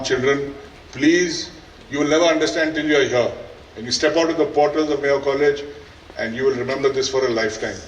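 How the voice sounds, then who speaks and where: A man's voice: a little high, slight background noise. A man with an Indian English accent, head of a school, giving an earnest valedictory speech to students with dry humour. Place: large school event hall. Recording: echoey hall, voice from a distance.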